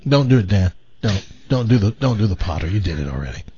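A man's voice: on the low side, very animated, quick pace, mellow, slight background noise. A man co-hosting a casual radio show, teasing and asking pointed questions. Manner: teasing, quizzical. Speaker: radio co-host. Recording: dry, dull lo-fi radio broadcast.

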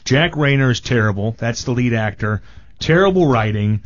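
A man's voice: medium pitch, animated, moderate pace, muffled recording. A man reviewing movies in casual radio chat, blunt and jokey.

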